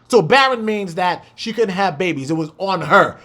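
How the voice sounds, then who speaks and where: Lively high-voiced man teaching scripture. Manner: blunt, profane, slangy asides between slow, drawn-out readings. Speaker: Bible teacher. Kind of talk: scripture reading with commentary.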